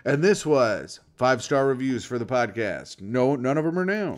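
A man's voice: mid-range voice, lively intonation, normal speed. A young man co-hosting a casual podcast. He rambles and teases, swears often, and talks in an ordinary mid-range voice. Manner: rambling, teasing, profane. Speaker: podcast co-host. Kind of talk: casual chat.

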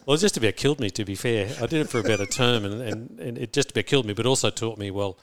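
A man's voice: medium pitch, fast talker, background noise. A middle-aged Australian man, a school principal, talking thoughtfully in an interview with many restarts and repeated words. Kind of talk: reflective interview talk.

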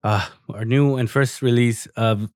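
A man's voice: medium pitch, fairly even intonation, a little slow, no room sound, clean studio sound. A man co-hosting a casual podcast chat, chiming in with sarcastic jokes and profane asides. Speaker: podcast co-host.

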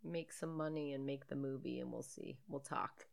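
A woman's voice: very deep voice, fairly even intonation, vocal fry. A woman co-hosting a podcast, chatting casually and wryly while watching a movie, laughing often. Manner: wry, laughs often, drawn-out sarcastic asides. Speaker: podcast co-host.

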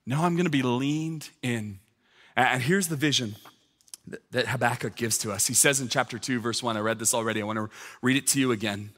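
A man's voice: mid-range voice, fast talker, sharp tone. A male pastor in his thirties preaching a sermon, moving from a family story to fervent, repeated calls to his church. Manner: storytelling, then rising to fervent exhortation. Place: church sanctuary. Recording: long hall reverb.

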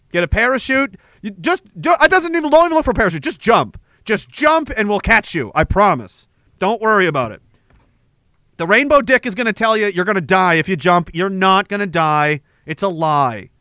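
A man's voice: high voice, pushed and bright, no echo. A man hosting a podcast, ranting crudely and sarcastically and reading out chat comments. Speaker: podcast host. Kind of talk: casual livestream rant.

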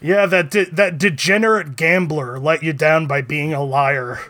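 A man's voice: a little high, a little slow, pushed and bright, no room sound. A man in casual podcast chat making wry, dry remarks. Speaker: podcast co-host.

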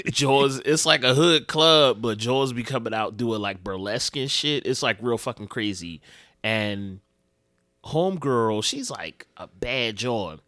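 A man's voice: medium pitch, pushed and bright, no echo, clean studio sound. A man co-hosting a podcast, rambling through stories in loose, profane street slang. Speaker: podcast co-host. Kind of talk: casual podcast chat.

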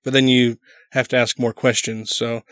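Male podcast co-host, mid-pitched, casual and profane, dry close mic. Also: moderate pace, dry recording. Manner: profane, animated, laughs often.

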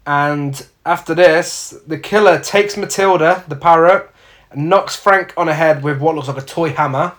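A man's voice: a little high, moderate pace, fairly bright tone. A man, casually recapping a film's plot with sweary, sardonic asides. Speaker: podcast co-host. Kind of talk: casual film review chat.

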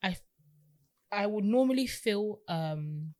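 A woman's voice: medium pitch, animated, takes it slowly, darkish tone. A woman co-hosting a podcast, speaking in a casual, reflective way and giving earnest advice. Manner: reactive, emphatic, reflective. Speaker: podcast co-host. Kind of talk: casual chat.

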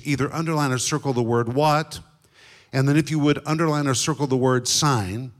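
A middle-aged man teaching a sermon as a guest Bible teacher, emphatic and deliberate, slowing down on key words. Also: medium pitch, steady tone.

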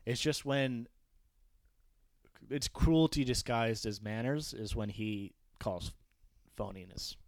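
A man in casual conversation on a book podcast, lively and eager. He keeps breaking into quoted lines in little put-on voices. His voice is mid-pitched and close, with no room sound around it. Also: takes it slowly, vocal fry, pauses often, dry recording. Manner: animated, reads passages aloud and acts out quotes. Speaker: podcast co-host.

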